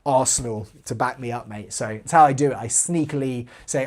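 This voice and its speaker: A man's voice: medium pitch, fairly quick, hardly any pauses. Chatty southern English man, slightly Americanized. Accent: southern English with slight American inflection. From southwest London, England. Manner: chatty and rambling, trails off quietly at sentence ends. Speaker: live-stream host. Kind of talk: casual live-stream Q&A, reading chat aloud.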